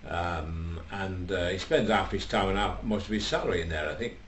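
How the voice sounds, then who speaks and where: A man's voice: low-pitched, moderate pace, a bit bright. A man telling a comic tale in a rambling, chatty way, full of fillers. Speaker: comic storyteller. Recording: roomy echo, faint background noise.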